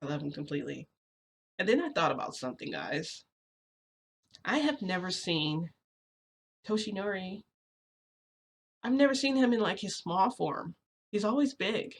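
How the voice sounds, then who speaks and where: A woman vlogger chatting casually through a long personal story, rambling with lots of "like" and quick giggles. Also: mid-range voice, sing-song, a little hiss or hum.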